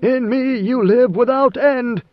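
Man voicing a huge ancient worm god-emperor, slow, solemn, high-pitched, dull lo-fi audiobook sound. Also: no room sound. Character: vast ancient god-emperor, part sandworm, commanding. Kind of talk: audiobook character voice. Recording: dull lo-fi recording.

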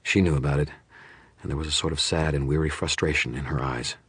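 A man giving a measured, brooding first-person audiobook narration. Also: very deep voice, fairly even intonation, breathy edge, no echo.

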